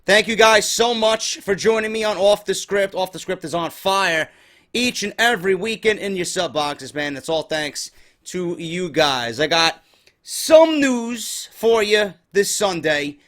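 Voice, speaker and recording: High-voiced, swearing New man ranting. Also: expressive, unhurried, a bit bright. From New York. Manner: exasperated, swears constantly. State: tired. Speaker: wrestling podcast host. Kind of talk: profane ranting commentary.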